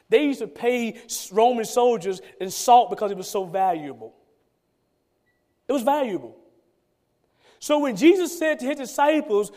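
Man, pastor, sermon, very high pitched, emphatic, repetitive, rhetorical questions. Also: a little mellow. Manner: emphatic preaching, rhetorical questions, repeats lines for stress.

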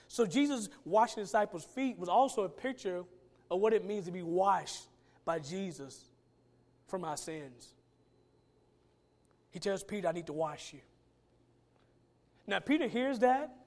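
A man preaching a sermon in a colloquial way, stretching out key words for emphasis and dropping to a quiet tone at the ends of lines. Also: high-pitched, lively intonation. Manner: preaching with rising and falling emphasis, drawn-out words; colloquial phrasing. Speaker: pastor.

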